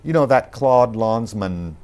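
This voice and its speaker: A man being interviewed on a podcast, talking in a thoughtful, measured way with frequent pauses and restarts. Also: mid-range voice, animated, darkish tone.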